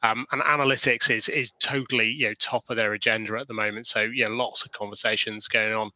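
British man, 30s, bright and close-miked guest, hesitant casual talk. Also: on the low side, fairly even intonation, fairly quick, no echo, low-quality recording. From England. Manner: hesitant, many fillers and restarts. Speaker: podcast guest, sales director. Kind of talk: casual interview chat. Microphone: video call.

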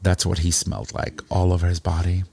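Low, dry-voiced man telling a story. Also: brisk, vocal fry, breathy edge, dry recording. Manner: animated, rambling, emotional storyteller. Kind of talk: casual storytelling chat.

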